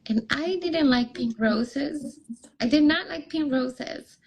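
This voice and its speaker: In poor-quality audio, a young adult woman speaks slowly in a high voice. She's a relationship coach appearing as a podcast guest, and she tells a personal story in the interview with lively energy, raising her voice to act out what people said.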